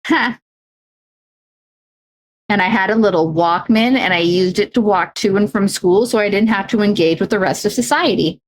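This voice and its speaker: A woman's voice: mid-range voice, a little fast, few pauses. A woman livestreaming, chatting casually while crafting, rambling and self-deprecating with frequent restarts.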